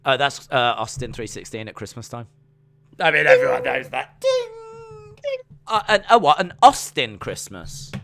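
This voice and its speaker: A man's voice: medium pitch, wildly swooping pitch, normal speed, creaky, a bit bright. A man co-hosting a podcast, chatting casually in a playful, teasing way. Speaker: podcast co-host. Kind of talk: casual chat.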